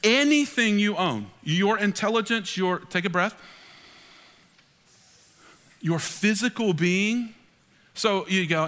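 Middle-aged male pastor, forceful, bright, animated sermon, long hall echo. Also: high-pitched, slow, long pauses. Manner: emphatic, animated preaching with acted-out quotes. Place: large church hall.

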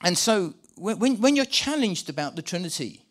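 Brief: male preacher, a touch high in pitch, lively and stumbling over his words, leading a church re-enactment. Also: normal speed. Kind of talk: sermon with live volunteer re-enactment. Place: church with a live congregation.

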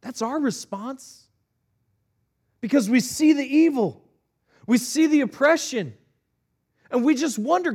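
A man's voice: extremely high pitch, lively intonation, a little slow, long pauses, darkish tone, slightly rough. A male pastor preaching a sermon, reading scripture aloud and retelling it in earnest, conversational words.

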